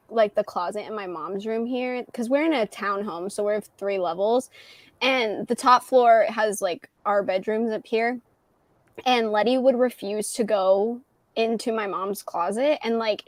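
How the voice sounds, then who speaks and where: A woman's voice: medium pitch, a little slow, dry recording. A woman casually telling a spooky story from home on a livestream, retelling dialogue with lots of "like". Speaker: guest on a livestream. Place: at home in a townhouse.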